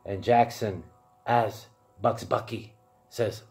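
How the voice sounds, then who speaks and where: A man's voice: medium pitch, a little slow, mellow. A man narrating his own improvised fan role-play story as channel host, rambling and correcting himself as he goes.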